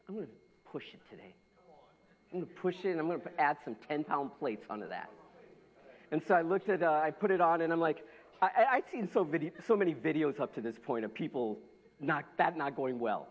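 Lively, high-pitched male pastor preaching. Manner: animated storytelling with repetitions. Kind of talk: sermon. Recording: dull lo-fi sound.

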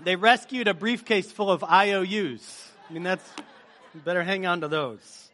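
A high-pitched man with a bright, forceful voice opens a sermon for a live congregation. He talks in a chatty, joking way and quizzes the crowd with energy. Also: moderate pace. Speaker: pastor. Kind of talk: sermon opening with a movie-quote game. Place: church service before a live congregation.

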